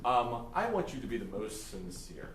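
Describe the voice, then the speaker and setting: A man's voice: mid-range voice, big pitch swings, moderate pace, crowd noise. A man hosting a live improv comedy show, giving loose, filler-heavy instructions to the players and the audience. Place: theatre stage. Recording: echoey theatre from far off, loud noise.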